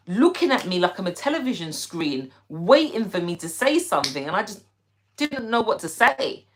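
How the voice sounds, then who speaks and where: Very animated and moderately paced, this young woman from Britain has a medium-pitched voice. She hosts a live stream, casually chatting, giggling, and replying to viewers by name from the chat.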